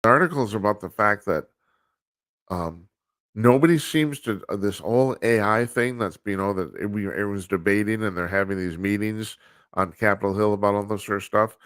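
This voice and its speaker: Male talk host, low-pitched, dry close mic; rambling, profane, blunt monologue. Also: moderate pace, fairly bright tone, no room sound. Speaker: radio talk show host. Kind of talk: casual political commentary monologue. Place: studio, live broadcast with video calls.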